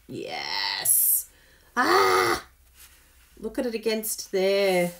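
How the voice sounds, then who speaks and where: A woman hosting a live craft demonstration in a low, unhurried voice that swings widely in pitch. She chats as she works, pokes fun at herself and laughs often. She gushes with excitement over her results. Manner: chatty, self-mocking, often laughing; gushing and excitable over the work. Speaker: papercraft tutorial host.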